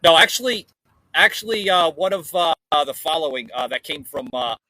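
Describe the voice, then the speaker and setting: Male podcast host, forceful husky delivery, halting with fillers, casual chat. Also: fairly high pitch, expressive, no echo, low-quality recording. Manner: hesitant, lots of filler words. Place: outdoor porch.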